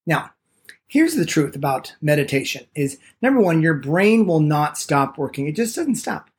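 A man's podcast lesson on meditation is full of enthusiasm, with a lively pitch and a tendency to speed up when excited. Along the way, he acts out people's excuses.

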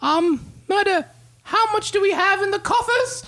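A man's voice: extremely high pitch, normal speed, pushed and bright, pitched above the performer's own voice, exaggerated voice. A man voicing a vain, touchy king who talks pompously and boasts about himself. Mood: blustering. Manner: pompous, self-admiring, peevish.

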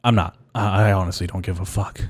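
Speaking fast in a low, steady voice, this young man hosts a casual solo podcast rant. He swears heavily, talks bluntly and keeps repeating himself, and there's no room sound in the recording.

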